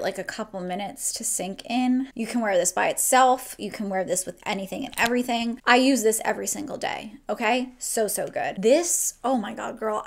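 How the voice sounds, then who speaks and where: Gushing young woman with a gravelly edge. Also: mid-range voice. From New Jersey. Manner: chatty, gushing, swears casually. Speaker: beauty vlogger. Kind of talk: casual makeup tutorial. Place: at home, indoors.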